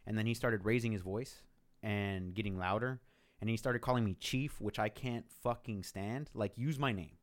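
Animated, swearing man telling a story. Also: lowish voice, normal speed. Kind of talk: casual chat.

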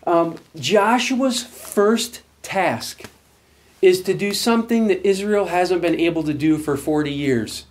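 A man's voice: sits high, takes it slowly. A man preaching a sermon, explaining scripture with earnest emphasis and reading verses aloud. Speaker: pastor.

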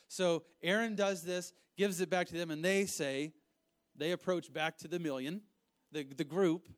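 Man, preacher, sermon, reads verses aloud, animated, emphatic, slightly high voice. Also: unhurried. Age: adult, married with children. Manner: animated, rising to emphatic outbursts, acts out voices. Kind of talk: sermon, reading scripture and commenting.

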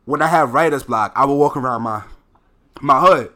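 A young man, a poet talking casually as a podcast guest, animated and swinging between loud laughing bursts and low quiet storytelling. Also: normal speed. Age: young adult. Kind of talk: casual conversation.

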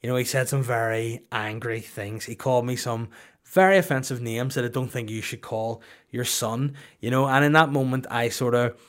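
A man's voice: medium pitch, moderate pace, fairly bright tone. A man, telling rambling, profane comic stories as a podcast host in a mock-serious tone. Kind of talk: comedic storytelling.

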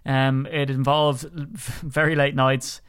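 A man's voice: medium pitch, flat delivery, slow, a bit bright, smooth, no echo, clean studio sound. An Irish man co-hosting a podcast, chatting casually in a rambling, jokey way. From Ireland. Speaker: podcast co-host.

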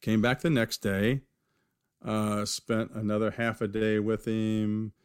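Low-voiced man telling rambling stories. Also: flat delivery, slow, clean tone, dry recording, clean studio sound. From California, USA. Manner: rambling, with many restarts and fillers. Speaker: knifemaker guest. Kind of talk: casual interview storytelling.

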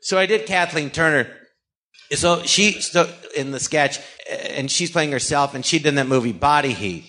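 A middle-aged man telling stories in a casual chat, acting out the people in them with quick voices. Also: on the high side. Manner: animated, does voices of people in his stories. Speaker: podcast guest. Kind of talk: casual storytelling.

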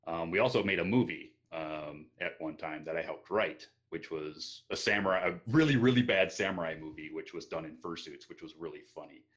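A man answering interview questions casually, hesitant with frequent pauses and restarts. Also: sits low, fairly bright tone. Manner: hesitant, many ums and restarts. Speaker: interview guest.

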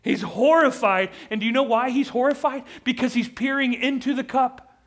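A man's voice: extremely high pitch, normal speed. A man preaching a sermon with impassioned delivery, rising to pleading intensity. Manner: impassioned, rising to near-shouted pleading when quoting. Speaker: pastor.

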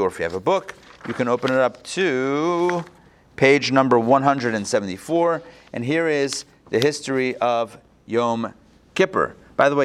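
Lively man teaching an online class. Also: mid-range voice, smooth. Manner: lively, chatty, thinks aloud with restarts. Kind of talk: live online Torah class.

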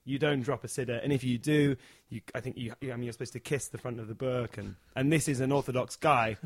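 A man's voice: mid-range voice, fast, no room sound. Man telling a comic story, dry sound. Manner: animated, acts out the characters. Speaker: storyteller on a chat show.

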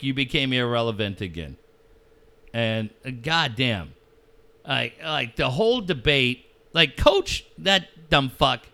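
A man's voice: mid-range voice, pushed and bright, smooth. A man ranting about local sports with constant swearing and mocking put-on voices. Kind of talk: profane sports rant.

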